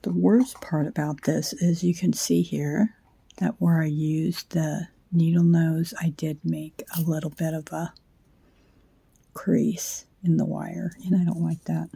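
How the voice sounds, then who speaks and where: A woman hosting a casual craft how-to at home late at night, sleepy, soft and unhurried, often slipping into a whisper as she works. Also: low voice, flat delivery, gravelly, breathy edge, no room sound. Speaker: craft channel host.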